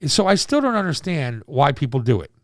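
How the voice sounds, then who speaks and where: Profane, ranting man, gravelly voice. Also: on the high side, very animated, brisk, no echo, studio quality. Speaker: commentator. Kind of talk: opinion monologue.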